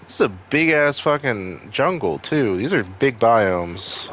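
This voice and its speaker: A man's voice: medium pitch, expressive, slow, hardly any pauses, fairly bright tone, a little hiss or hum. A young man from Maine with a Maine accent, rambling and swearing casually while streaming a game. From Maine, USA. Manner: rambling, profane, wisecracking. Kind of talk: casual gaming stream chat.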